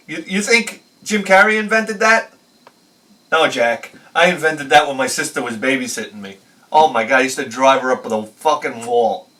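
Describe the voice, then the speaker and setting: A man hosting a retro game video, telling rambling stories in an animated, profane way and laughing at his own jokes. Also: on the high side, recorded from a distance. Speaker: retro game channel host. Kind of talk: rambling storytelling review.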